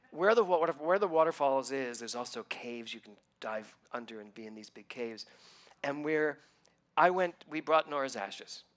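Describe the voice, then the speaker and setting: A middle-aged man, a minister, telling a personal story in a sermon, acting out what others said with lively ups and downs. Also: mid-range voice. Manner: animated storytelling, acting out quoted voices.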